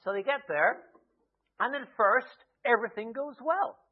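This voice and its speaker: A high-voiced man preaching a sermon. He retells the story in a lively way and drops in wry asides. The sound is thin and tinny, like a phone line. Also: a little slow, slightly rough.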